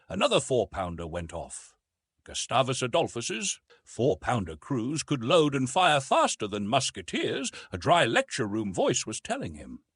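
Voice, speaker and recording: A man narrating a science fiction story aloud, in an animated storytelling manner. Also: breathy edge, dry recording, studio quality. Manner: animated storytelling with lively rises in pitch. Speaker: audiobook narrator.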